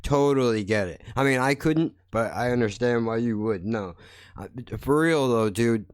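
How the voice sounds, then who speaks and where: A man's voice: mid-range voice, normal speed, clear, resonant tone, no room sound. Podcast host, male, heated profane rant, close dry mic. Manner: blunt, heated, swears constantly. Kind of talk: angry profane monologue.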